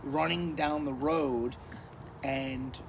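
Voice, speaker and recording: A man from the New York area tells a story to friends, animated and rambling, often restarting his sentences. His voice sits at a middling pitch. There is clear background noise throughout, as if outdoors around a firepit. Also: drawn-out words. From New York metro area. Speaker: storyteller in a group chat. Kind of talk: casual storytelling among friends. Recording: noisy background.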